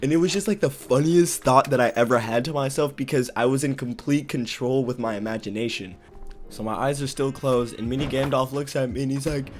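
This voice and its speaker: A young man vlogger telling a story in a casual, animated way, full of slang and swearing. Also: medium pitch, fairly quick.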